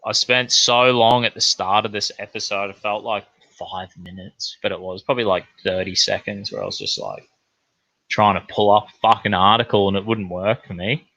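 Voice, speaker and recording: A young man talks in a loose, profane, meandering way, like a casual podcast host. His voice sits low but comes across punchy and bright. The recording is dull and lo-fi, with a very dry sound. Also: moderate pace, gravelly, dry recording. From New Zealand. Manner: rambling, profane, laid-back. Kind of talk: casual monologue.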